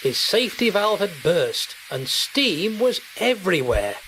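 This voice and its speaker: A man giving an expressive, measured storybook narration. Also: high voice, a little hiss or hum. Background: music.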